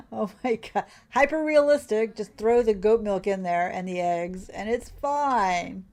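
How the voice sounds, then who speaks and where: A woman chats her way through a farming game with casual, exclamatory commentary. Her voice sits at a middle pitch for a woman. She breaks in often with surprised outbursts. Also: a little mellow. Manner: chatty and exclamatory, quick laughs. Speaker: gaming channel host.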